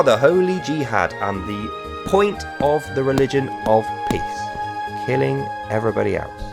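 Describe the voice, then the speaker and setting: A man's voice: fairly high pitch, sing-song, normal speed, creaky, over music. A man hosting a comedic commentary monologue in a mocking, storytelling way. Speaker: host.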